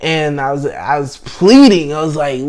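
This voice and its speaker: Young man, casual storytime, hesitant, restarts, hushed to excited, slightly high voice. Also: normal speed. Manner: shifts between hushed and excited tellings. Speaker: channel host telling his testimony.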